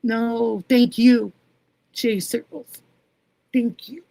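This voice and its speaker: Slow, gravelly-voiced woman livestream host. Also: fairly high pitch, steady tone, mellow, dry recording. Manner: chatty, affectionate, talks to viewers by name. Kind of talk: casual livestream chat reading comments.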